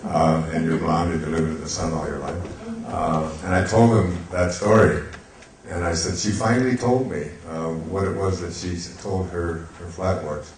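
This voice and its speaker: An older man telling a gentle, meandering story with soft laughs and many fillers. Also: low voice, fairly even intonation, normal speed, reverberant, slight background noise, rough recording. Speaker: speaker. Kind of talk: reflective storytelling talk.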